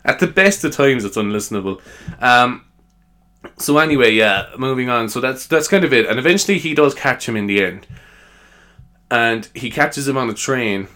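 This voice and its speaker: A man's voice: medium pitch, lively intonation, moderate pace, bright, forceful tone. A tired man with an Irish accent, hosting a comedy podcast in a rambling, chatty way, often tagging "you know" and laughing at himself. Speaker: podcast host.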